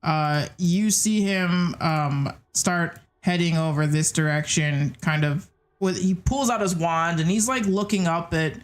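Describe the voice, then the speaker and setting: A woman's voice: lowish voice, measured pace, hardly any pauses. A woman narrating a tabletop game as game master, casual and hesitant with many fillers.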